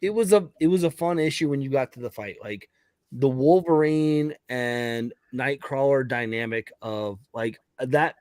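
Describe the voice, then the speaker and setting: A man's voice: medium pitch, darkish tone, no room sound. A man talking casually and enthusiastically about a comic book, often restarting his sentences. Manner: rambling, enthusiastic, halting restarts.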